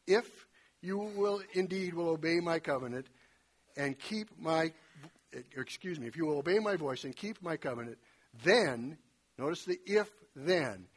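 Husky man preaching a folksy sermon. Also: a little high. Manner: conversational, animated retelling with folksy asides.

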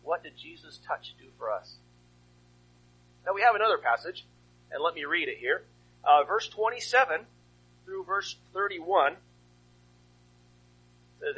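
A man's voice: fairly high pitch, animated, a little slow, pauses often, sharp tone, husky, low-quality recording. A male pastor preaching a sermon, asking rhetorical questions and retelling a story with animation.

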